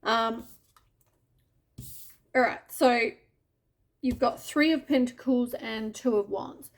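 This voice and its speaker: A woman reads tarot cards in a casual, chatty way, speaking to the listener as "you". Her voice sits a little high, and she takes her time, with unhurried pauses between thoughts. She mixes mild swearing and offhand asides into the reading. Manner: addresses the listener directly as you. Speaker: tarot reader.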